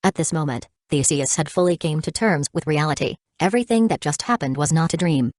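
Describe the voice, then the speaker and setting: A woman narrates a novel in a steady, even reading. Her voice is low, and the recording is close and dry with no room sound. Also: fairly quick, no room sound. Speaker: audiobook narrator. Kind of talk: audiobook narration.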